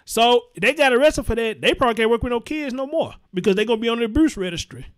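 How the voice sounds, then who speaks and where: A man's voice: very high-pitched, animated, fast. A man hosting a live commentary show, reading chat comments aloud and reacting bluntly, with lots of profanity and repetition for emphasis. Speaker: host.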